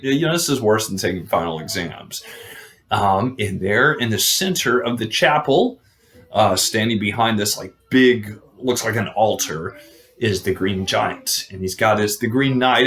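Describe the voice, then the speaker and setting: A man's voice: lowish voice, gravelly, a bit bright. A man casually retelling an old legend, chatty, full of fillers and joking asides. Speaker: storyteller.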